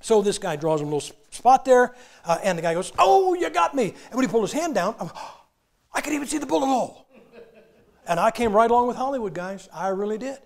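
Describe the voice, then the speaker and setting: A man's voice: high-pitched, lively intonation, fast talker, vocal fry, darkish tone. An older man preaching a humorous sermon in a church, folksy and joking as he acts out old movie scenes.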